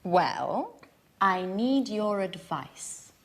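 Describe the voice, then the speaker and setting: A woman's voice: medium pitch, sing-song, drawn-out words, heavily acted. A woman playing an eager young woman asking advice. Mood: friendly. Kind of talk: scripted dialogue for learners.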